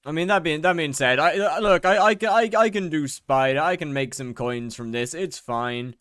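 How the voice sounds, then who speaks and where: A man's voice: on the high side, moderate pace, fairly bright tone, no room sound, studio quality. A young British man chatting casually on a live stream while gaming, rambling and mocking himself as he reads out chat.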